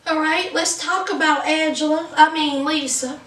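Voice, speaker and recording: A woman's voice: high-pitched, steady tone, moderate pace, fairly bright tone, echoey room, recorded from a distance. A woman hosting a casual recap show, gossiping about reality TV in a sassy, dramatic way. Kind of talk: casual commentary.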